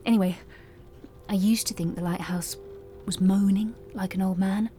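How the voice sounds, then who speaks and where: A woman's voice: mid-range voice, steady tone, warm tone, soft background music, close to an everyday voice. A woman playing a chatty, fussy host who shows a friend around her lighthouse in a radio drama. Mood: hushed. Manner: quick, fussy and rambling.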